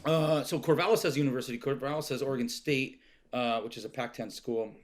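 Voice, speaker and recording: In a casual interview chat recorded at a home in Oregon, a middle-aged man rambles as a podcast guest, full of fillers and restarts. His voice is medium in pitch and a little fast, with noise in the background.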